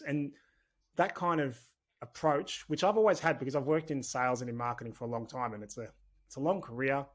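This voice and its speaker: A man's voice: medium pitch, brisk. A man with an Australian accent, talking as a podcast guest in a chatty, candid, rambling way. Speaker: podcast guest, business owner. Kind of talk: casual conversational interview.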